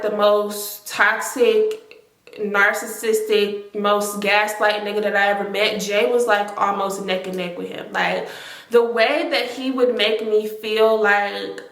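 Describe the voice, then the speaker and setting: A woman's voice: medium pitch, fairly bright tone. A woman telling a casual storytime vlog, emphatic and repeating lines for effect. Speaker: storytime vlogger. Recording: roomy echo.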